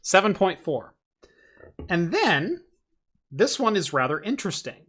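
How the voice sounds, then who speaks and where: A man's voice: high-pitched, very animated, measured pace, fairly bright tone, breathy edge. A man hosting a casual tech podcast over a video call, chatty and laid-back with lots of fillers. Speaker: host.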